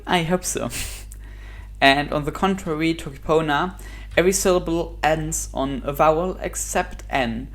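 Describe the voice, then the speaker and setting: Wry conlang explainer narrator, mid pitch. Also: measured pace. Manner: wry, lightly teasing. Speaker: video host.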